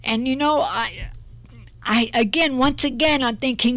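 Earnest woman minister, higher voice. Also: measured pace, fairly bright tone, dry recording. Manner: earnest, emotional, repeats herself often. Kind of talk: personal testimony in an interview.

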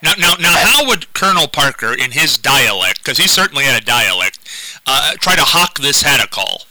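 A man's voice: medium pitch, sing-song, moderate pace, sharp tone, no echo, poor audio. A man hosting a radio talk show, eager and chatty, laughing often with his guest. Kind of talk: casual radio interview.

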